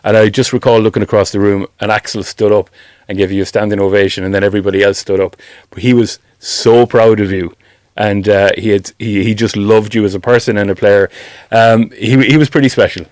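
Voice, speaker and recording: Lower-pitched male radio host, chatty. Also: fairly even intonation, fairly quick, darkish tone, dry recording, clean studio sound. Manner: chatty, tells long anecdotes to the guest. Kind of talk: radio interview. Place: radio studio. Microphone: studio microphone, close and dry.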